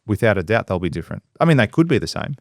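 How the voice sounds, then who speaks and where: Business-owner type, blunt and profane, lowish voice, dry studio sound. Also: male voice, big pitch swings, very fast, no room sound. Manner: blunt, swears freely, acts out quotes. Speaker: podcast guest, business owner. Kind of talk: casual podcast conversation.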